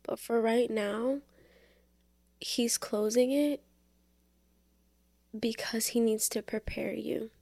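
Young woman, casual faith podcast, slow and unhurried, some vocal fry, dry close sound. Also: a little high, fairly even intonation, dark tone, dry recording. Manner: chatty, lots of fillers, earnest. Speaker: podcast host.

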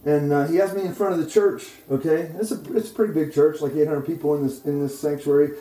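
A male preacher with a fairly high, mellow, warm voice tells a sermon testimony in an echoey room. He keeps checking in with "okay?" and "right?", and his voice rises loud and excited as the story builds. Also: quick pace. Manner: grows loud and excited while retelling.

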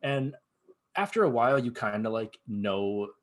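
A young man chatting casually as a guest, telling his story with lively acted-out reactions. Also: medium pitch, a little slow. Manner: animated storyteller acting out his own past reactions. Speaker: guest cosplayer. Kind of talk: casual chat.

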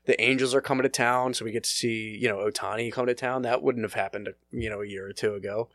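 A man's voice: mid-range voice, steady tone, quick pace, a bit bright, dry recording. A man guesting on a casual sports podcast, making dry joking asides.

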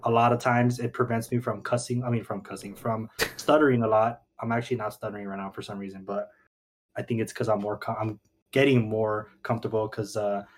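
A man's voice: fairly low pitch, fairly even intonation, fairly quick, a little hiss or hum. Young man, podcast host, casual banter, swears a lot, laughs easily, mentions a stutter. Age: young adult.

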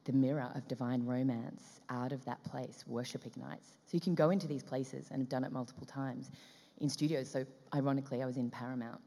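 Low-voiced Australian woman in a reverberant room. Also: a little fast, creaky. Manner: lively, acts out dialogue in quotes, frequent laughs. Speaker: guest. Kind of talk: animated storytelling interview. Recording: long reverberant room sound.

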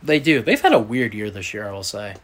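A man's voice: on the low side, sing-song, brisk, fairly bright tone. Man, Southern drawl, sports podcast host, casual banter. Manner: reads out matchups, then banters.

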